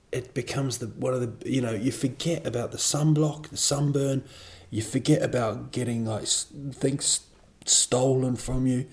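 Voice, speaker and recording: A man's voice: fairly low pitch, darkish tone. A man, a comedian, talking alone on his podcast in a casual, rambling, self-deprecating way, drifting from one digression to the next. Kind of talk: casual solo podcast monologue.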